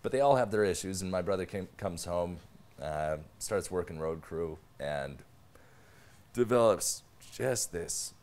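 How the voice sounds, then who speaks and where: A man's voice: sits low, expressive, unhurried, darkish tone. A young man, a podcast guest, telling family stories in casual chat, laughing often and swearing casually.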